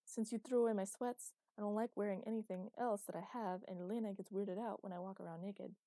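A woman's voice: medium pitch, fairly even intonation, fairly quick, mellow, no room sound, lightly acted. A woman voicing a petulant, melodramatic young woman writer in an audiobook, whiny and sulky.

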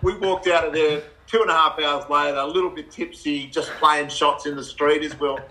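A middle-aged Australian man, a guest in a casual chat, telling animated stories with laughs and acted-out quotes. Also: a little high, a little fast, poor audio.

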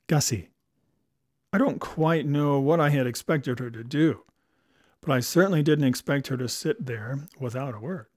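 A man's voice: medium pitch, a little mellow, no room sound. A man narrating a comic novel in the first person, dry and wry.

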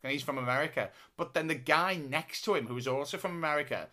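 A man's voice: fairly high pitch, quick pace, pushed and bright. A man co-hosting a casual podcast chat, rambling through stories with frequent restarts. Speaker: podcast co-host.

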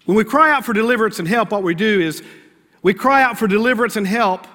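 Bright-voiced male pastor preaching in a reverberant hall. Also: sits high, quick pace. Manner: conversational preaching, acts out prayers and asides. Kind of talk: sermon.

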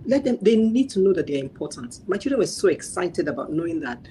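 A woman guest sharing her parenting experience in casual chat, telling animated stories, acting out dialogue and laughing often. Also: on the low side, fast, hardly any pauses, noisy background.

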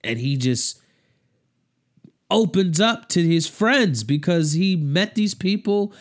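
Dude rambling about a show, lots of slang, gets choked up, keeps repeating words. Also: male voice, high voice, animated, slow. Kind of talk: casual chat.

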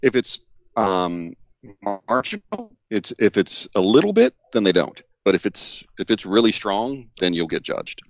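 An American man from the Deep South, a guest telling relaxed stories in a casual interview over a video call. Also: a little slow, dry recording, dull audio. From Deep South of the United States.

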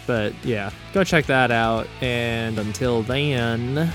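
A man's voice: mid-range voice, slow pace, a bit bright, faint music behind. A man co-hosting a podcast, bantering in a crude, joking, profane way. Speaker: podcast co-host. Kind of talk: casual chat.

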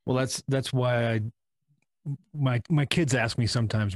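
A man chats casually and tosses in playful one-liners. His voice sits at an ordinary middle pitch. The recording is dry and close. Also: measured pace, a little mellow, no echo. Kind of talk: casual conversation.

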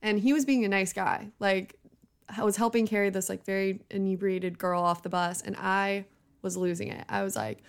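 A woman's voice: medium pitch, fairly even intonation, normal speed, gravelly, smooth. A young woman in her twenties co-hosting a podcast, recounting a story in a sheepish, self-deprecating way. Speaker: podcast co-host. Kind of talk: casual chat.

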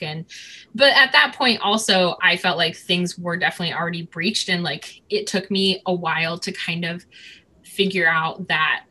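A woman's voice: on the low side, fairly even intonation, normal speed, bright, forceful tone. A woman in her thirties casually telling a personal story, rambling with many fillers as she chats with her co-host. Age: 30s.

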